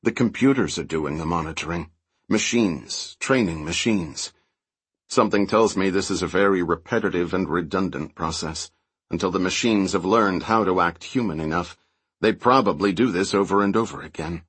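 A man voicing a level-headed male adventurer who explains things in a measured way, in an audiobook reading. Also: sits low, fairly bright tone, slightly rough, no echo. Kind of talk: audiobook character voice.

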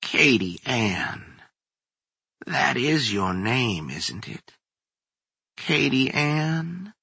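A man voicing a monster that fakes a frail old woman's voice, thin, brittle and raspy, coaxing slowly and softly in a sing-song way. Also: medium pitch, big pitch swings, no echo, pitched above the performer's own voice, exaggerated voice.

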